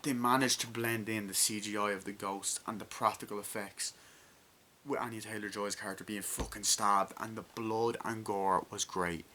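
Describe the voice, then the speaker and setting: A man with a lowish but bright, forceful voice talks through a film review in a loose, excitable ramble. He swears freely and leans on fillers. A faint hiss sits under his voice. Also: normal speed. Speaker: movie reviewer. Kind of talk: casual spoken film review.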